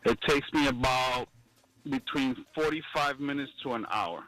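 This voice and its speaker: Bright upbeat male caller. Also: medium pitch, a little slow, faint music behind, poor audio. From the Bronx, New York. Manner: upbeat, short plain answers. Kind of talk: casual radio call.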